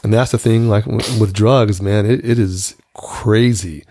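A man's voice: fairly low pitch, steady tone, measured pace, mellow, no echo. A man in his fifties talking frankly and earnestly in a casual conversation, often repeating words as he starts a thought.

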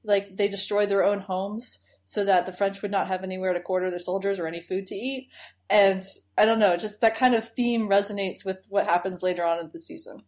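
A woman's voice: mid-range voice, steady tone, fairly quick, darkish tone. A woman co-hosts a podcast and recaps an episode in casual chat. She is enthusiastic and chatty and laughs often. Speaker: podcast co-host.

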